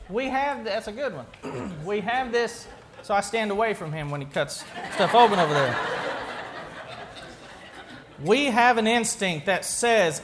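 Male pastor with a high voice, chatty sermon style, asks the room questions and restarts sentences. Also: fairly bright tone, slight background noise.

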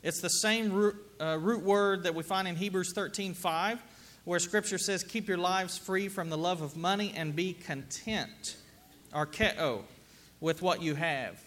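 A middle-aged man preaching a sermon in a relaxed, conversational manner. His voice sits fairly high for a man. He often turns to the congregation with questions. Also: a little slow. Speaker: pastor. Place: church sanctuary with congregation.

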